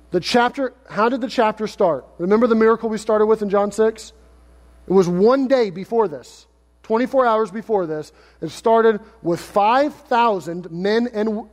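Male pastor, expressive sermon delivery, high voice, long church reverb. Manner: expressive preaching, acts out quoted lines in lively paraphrase.

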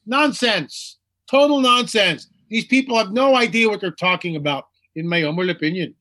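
Emphatic high-voiced man. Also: normal speed, bright, forceful tone. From United States. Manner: emphatic, repeats phrases for effect; acts out mocking quoted voices. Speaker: guest speaker on UFOs. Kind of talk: animated interview talk.

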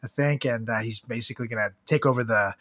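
A man co-hosting a casual podcast, swearing freely, laughing often and breaking into loud bursts. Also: medium pitch, fast, dry recording. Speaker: podcast co-host. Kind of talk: casual crude comedy chat.

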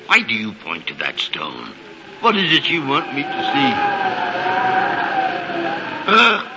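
A man's voice: mid-range voice, bright, forceful tone, heavily acted. An actor playing a frightened, pleading old miser in a 1940s radio drama, his voice broken and anguished. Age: older. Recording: dull, hissy 1949 radio broadcast.

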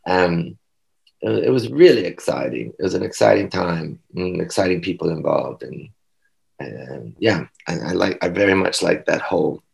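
Gravelly, animated male interview guest. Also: deep voice. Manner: animated, profane, laughing storyteller. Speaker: guest performer. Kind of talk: casual interview storytelling.

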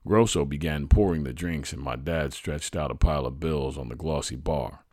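A man reading his own true childhood story aloud in a measured, reflective way. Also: rumbling low, darkish tone, no echo, clean studio sound. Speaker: storyteller, podcast host.

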